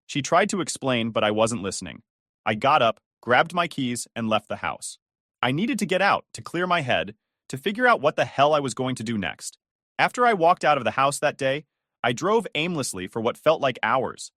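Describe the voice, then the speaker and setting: A man tells a first-person family story in a bitter, emphatic tone, pushing his questions upward. His pitch moves widely as he reads, and the close recording is dry with no room sound. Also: big pitch swings, normal speed, fairly bright tone, dry recording. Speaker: story narrator. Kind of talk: scripted first-person narration.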